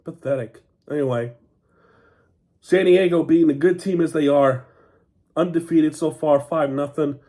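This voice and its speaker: A man with a fairly high voice, under the weather and coughing, rants through a sports recap on his own channel. He sounds frustrated and exasperated, complaining in loose, unscripted talk. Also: unhurried, pauses often, warm tone. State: sick with a cough. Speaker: fan channel host recapping a game.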